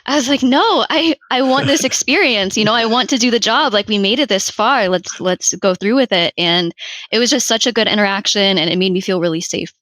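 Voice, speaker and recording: A woman's voice: medium pitch, a little fast, a bit bright, no room sound. A woman appearing as a podcast guest, talking in an earnest, emphatic way in casual chat.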